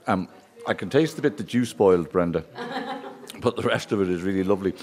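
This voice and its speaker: A man's voice: sits low, expressive, brisk, a little mellow. An Irish man hosting a live radio chat, joking and talking through a mouthful of food. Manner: jokey, eating while talking. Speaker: radio host.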